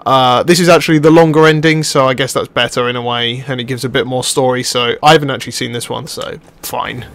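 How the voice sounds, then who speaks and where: A man's voice: medium pitch, fast talker, hardly any pauses. A man giving live gameplay commentary, exclaiming and swearing at what happens on screen. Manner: excitable, exclaiming and swearing at the game. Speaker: video game commentator.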